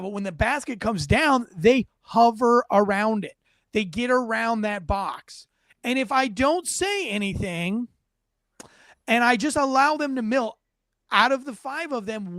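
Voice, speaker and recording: A middle-aged man hosting a casual commentary show, reacting to police footage in a blunt, profane, animated way. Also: high voice, unhurried, dry recording, clean studio sound.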